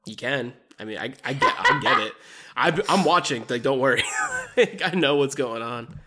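Podcast host, casual movie chat, laughing, lively intonation, frequent restarts. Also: medium pitch, moderate pace. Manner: animated, laughing, stumbling restarts.

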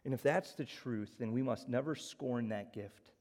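A man preaching a sermon, swinging from loud emphatic lines to soft, slow appeals. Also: medium pitch, big-room sound. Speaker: pastor.

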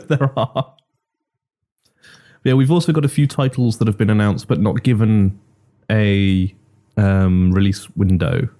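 Dry-humored man, dark mellow voice. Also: lowish voice, unhurried, pauses often. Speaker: podcast co-host. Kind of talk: casual chat.

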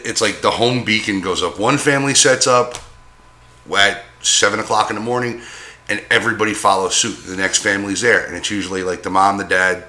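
A man chats casually on a podcast, blunt and wisecracking with the odd swear. His voice sits low but sounds bright and forward. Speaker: podcast co-host. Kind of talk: casual chat.

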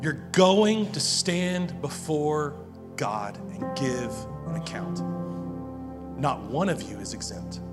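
A pastor with a medium-pitched voice preaches a sermon slowly and earnestly, often repeating words to press his point. Long hall reverb surrounds him, with music playing behind.

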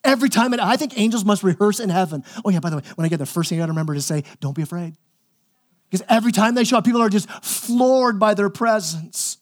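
High-voiced man preaching a sermon. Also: animated, racing, hardly any pauses. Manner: conversational and emphatic, repeats words when pressing a point. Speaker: pastor.

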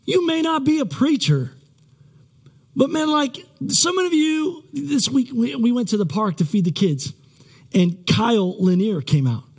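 A man's voice: very high-pitched, animated, measured pace, a little mellow, breathy edge. A male pastor preaching a sermon in a conversational, rambling way, with many restarts and self-deprecating asides.

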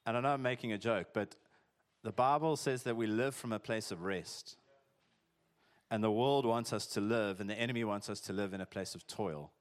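Chatty pastor preaching. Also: male voice, mid-range voice. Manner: conversational, chatty, uses "eh" and "like", jokey asides. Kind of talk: sermon.

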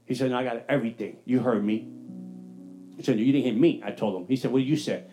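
Animated storytelling preacher. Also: male voice, medium pitch, quick pace, faint music behind. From New York. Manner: animated storytelling, acts out his own dialogue. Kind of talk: testimony sermon.

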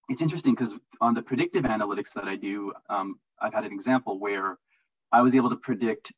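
A man answering interview questions in an easy, conversational way, his voice husky and slightly low. He gets enthusiastic and repeats words as he talks. The audio is dull and lo-fi, like a remote call. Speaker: interview guest, marketing analyst.

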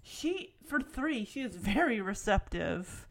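A woman's voice: mid-range voice, big pitch swings, takes it slowly, gravelly, fairly bright tone. A woman giving a chatty, affectionate recap of a television episode, full of asides and small laughs. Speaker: show recap host. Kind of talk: casual episode recap commentary.

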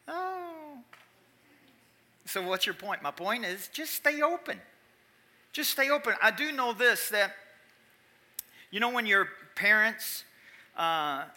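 Bright-voiced man preaching a lively sermon. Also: high-pitched. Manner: animated, swings from quiet asides to loud emphatic calls. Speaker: pastor. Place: church.

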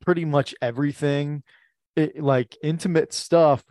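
A man's voice: a little high, steady tone, unhurried, a little mellow, no echo, clean studio sound. A man co-hosting a podcast, rambling casually about a comedy special, with frequent restarts and easy laughs. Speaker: podcast co-host. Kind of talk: casual chat reviewing comedy.

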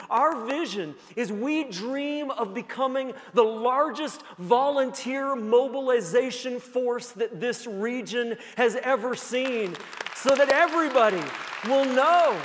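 Earnest high-voiced preacher in a reverberant church. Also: male voice, noisy background. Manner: earnest, builds to emphatic peaks. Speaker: pastor. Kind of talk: sermon with storytelling. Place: church sanctuary. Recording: long church-hall reverb.

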